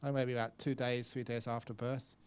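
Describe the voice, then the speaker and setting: A man's voice: mid-range voice, flat delivery, fairly quick, clear, resonant tone. A man in his sixties, a Buddhist monk teaching at a retreat, telling stories in a chatty way and often acting out voices. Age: 60s. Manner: chatty storyteller, acts out voices, laughs often. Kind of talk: dharma talk answering questions. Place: meditation retreat hall.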